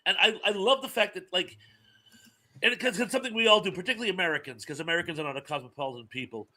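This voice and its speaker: A man co-hosting a casual film chat, animated and laughing often, with stammered restarts. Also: high voice, racing, poor audio. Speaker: podcast co-host. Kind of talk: casual chat about films.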